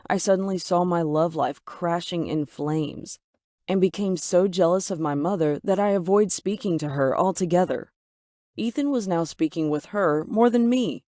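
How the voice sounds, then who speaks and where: Brief: woman narrator for an animated story, emotive delivery, dry booth sound. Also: lowish voice, normal speed, no echo. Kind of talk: scripted first-person story narration.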